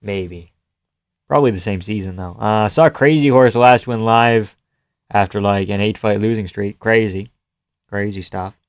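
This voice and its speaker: A man streaming live fight reactions, chatting casually and swearing as he answers chat, breaking into loud yells at the big moments. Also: on the low side, measured pace, no room sound, studio quality.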